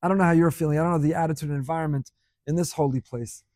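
A man with a high-pitched voice delivers a sermon to students. He builds emphasis through rhetorical questions and repeated phrases. The sound is close and dry, with no room echo. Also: steady tone, very fast, darkish tone. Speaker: rabbi teaching students. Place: speaking in Jerusalem.

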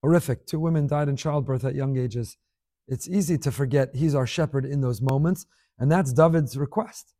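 Animated man teaching a Torah class. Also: mid-range voice, normal speed, no echo, clean studio sound. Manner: animated, emphatic, mixes Hebrew terms. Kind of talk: Torah class reading listener emails.

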